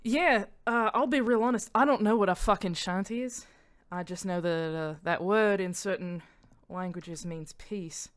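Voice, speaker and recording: A woman's voice: mid-range voice, moderate pace, hardly any pauses, close to an everyday voice. A woman voicing a brash, foul-mouthed woman pirate captain with a put-on Australian accent, crude and offhand. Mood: conspiratorial.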